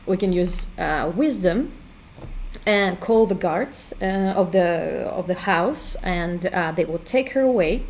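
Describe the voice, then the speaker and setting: A woman giving casual walkthrough commentary on her own game, thinking aloud with hesitant pauses. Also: on the low side, expressive, a little mellow, a little hiss or hum. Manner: hesitant, full of fillers and restarts while thinking aloud. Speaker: game creator demonstrating her work.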